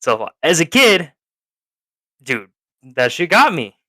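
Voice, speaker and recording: Man, podcast co-host, casual profane chat, rambling, dry close mic, bright voice. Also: fairly high pitch, big pitch swings, no room sound. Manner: rambling, laughing, quick to act out characters. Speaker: podcast co-host recapping a film.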